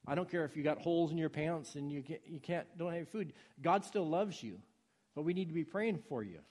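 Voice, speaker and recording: A man preaching a sermon in a husky voice, swinging from soft pleading to loud urging. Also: fairly high pitch, animated, a little fast.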